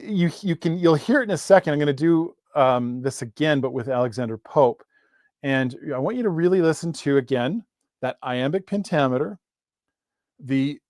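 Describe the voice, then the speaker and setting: A man teaching a live online literature class in a casual, chatty way, often correcting himself and reading verse slowly to stress its rhythm. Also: fairly high pitch, a little mellow, dry recording, studio quality.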